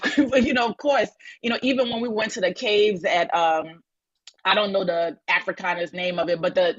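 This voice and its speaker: A woman's voice: mid-range voice, slightly rough. A woman from New Orleans speaking in a live audio-chat room, telling stories effusively, with many restarts. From New Orleans, USA. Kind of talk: casual chat. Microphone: phone in an audio-chat app. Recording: lo-fi online audio-room sound.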